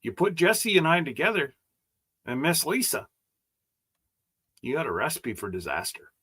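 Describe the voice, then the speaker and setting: A man's voice: fairly high pitch, huge pitch swings, normal speed, bright, forceful tone, slightly rough. A man hosting a casual livestream chat, rambling and joking as he stumbles over his words. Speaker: host.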